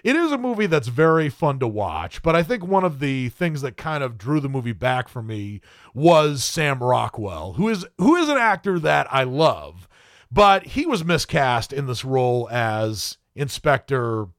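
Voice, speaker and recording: A man's voice: medium pitch, big pitch swings, a little slow, dry recording, studio quality. A man in his late thirties, hosting a film review show and giving his opinions in a chatty way with small laughs and asides. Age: 30s. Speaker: film critic and host.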